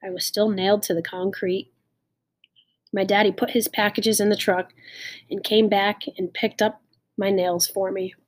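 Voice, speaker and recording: A woman reading a children's novel aloud, tender and expressive. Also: mid-range voice, moderate pace. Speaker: audiobook reader. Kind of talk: audiobook narration.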